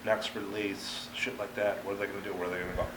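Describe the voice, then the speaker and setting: A man interviewing a rapper in casual chat, asking loose questions and nodding along with quick affirmations. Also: lowish voice, little pitch movement, a bit bright, slight background noise, low-quality recording.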